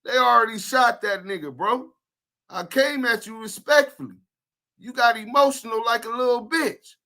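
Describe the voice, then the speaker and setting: A fairly high, bright male voice with a forceful edge. He co-hosts a podcast in casual talk, addressing people bluntly and confronting them with street slang. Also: moderate pace. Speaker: podcast co-host.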